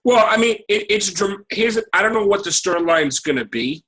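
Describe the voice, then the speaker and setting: A man hosting a casual podcast, hoarse and losing his voice after being sick, eagerly cutting in to add details. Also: high voice, expressive, moderate pace, fairly bright tone, poor audio. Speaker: podcast host. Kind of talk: casual chat.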